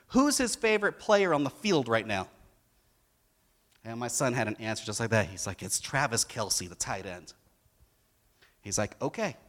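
Animated, bright-voiced man preaching. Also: on the high side. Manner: animated storytelling, acts out quotes with rising emphasis. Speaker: pastor. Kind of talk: sermon.

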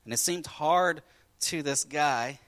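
A male pastor preaching with animated storytelling, swinging from loud bursts to hushed asides. His voice sits fairly high and sounds bright and forceful. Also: slow pace. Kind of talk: sermon.

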